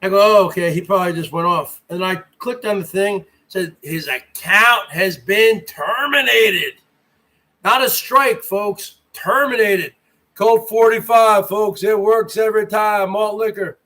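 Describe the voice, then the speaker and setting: A man's voice: sits high, measured pace, bright, forceful tone. A man hosting his own livestream, ranting in a brash, mocking way with plenty of swearing. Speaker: livestream host. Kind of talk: boastful rant.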